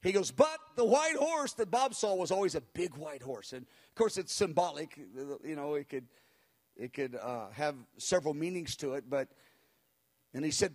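A man recounting a spiritual experience as an animated personal testimony, acting out the people he quotes and chuckling as he goes. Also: on the high side, moderate pace. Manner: acts out the people he quotes, with cries and hushed voices.

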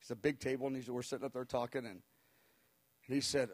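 A man recounting a spiritual experience as an animated personal testimony, acting out the people he quotes and chuckling as he goes. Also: mid-range voice, a little fast. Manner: acts out the people he quotes, with cries and hushed voices.

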